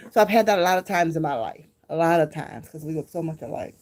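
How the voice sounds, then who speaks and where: Brief: woman vlogger from Detroit, low voice, warm and unhurried, reminiscing straight to camera. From Detroit, Michigan. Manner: reminiscing, talks straight to viewers. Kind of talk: casual chat to viewers.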